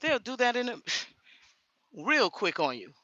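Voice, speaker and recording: Middle-aged lady trucker vlogging in a store, real lively voice, bright and sharp, dry close phone sound. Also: on the high side, unhurried, dry recording, lo-fi sound. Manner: outspoken, animated storytelling. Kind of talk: casual vlog chat. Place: inside a grocery store.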